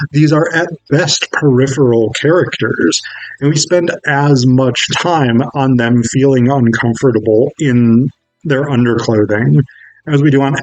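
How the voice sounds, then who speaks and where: A man's voice: mid-range voice, a little mellow, dry recording, poor audio. A man reviewing a film in a casual, wry video essay, swearing freely as he talks.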